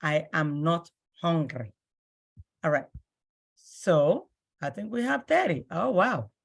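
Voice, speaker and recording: A woman leads a language lesson at a very unhurried pace. She repeats each phrase patiently, spacing the words out so learners can follow. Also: deep voice, very animated, gravelly, slightly rough. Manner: patient, drills each word several times. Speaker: Igbo language teacher. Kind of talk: slow, repetitive vocabulary lesson.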